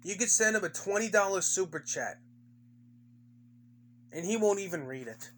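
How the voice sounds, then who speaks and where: Male commentator, high voice, foul-mouthed and mocking; keeps hammering the same jeering questions. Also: expressive, moderate pace, a bit bright. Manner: heavy swearing, taunting repetition.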